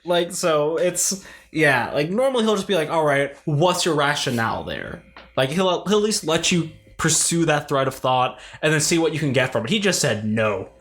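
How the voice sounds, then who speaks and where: A young man co-hosts a podcast in casual chat, his voice on the high side and fairly bright. He talks at a normal, animated clip with hardly any pauses, rambling through stories full of filler words and frequent laughter.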